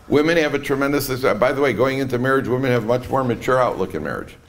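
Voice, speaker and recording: Middle-aged male rabbi, witty lecturer, mid-pitched voice, drops low then jumps high for punchlines. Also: fast talker. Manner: lively storytelling, swings from soft asides to emphatic peaks. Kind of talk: humorous Torah lecture.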